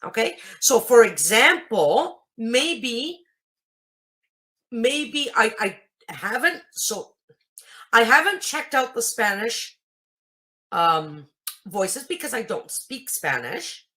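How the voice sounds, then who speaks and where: Female tutorial host: patient explainer, unhurried, sharp bright voice. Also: fairly high pitch, sing-song. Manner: patient, explanatory, checks in with listeners. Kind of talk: screen reader tutorial.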